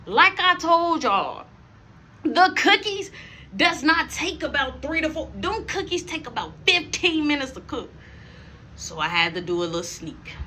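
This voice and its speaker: Animated young man telling a story. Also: extremely high pitch, unhurried, slight background noise. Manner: animated, acts out every voice. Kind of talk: storytime vlog.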